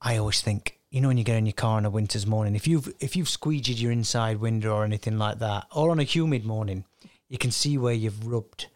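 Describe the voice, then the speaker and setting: A man hosting a casual podcast chat, jokey and quick to laugh. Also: lowish voice. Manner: animated, laughs often, jokey. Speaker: podcast host.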